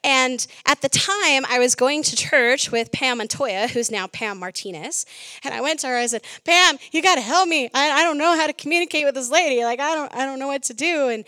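This middle-aged female preacher speaks briskly in a high pitch, telling a vivid story and voicing her own past lines with lively vocal jumps. There's no room sound in the recording.

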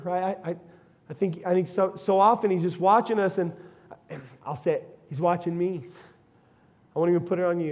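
High-voiced folksy pastor preaching. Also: male voice, normal speed. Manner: folksy, storytelling, animated asides. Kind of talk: sermon. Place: church sanctuary.

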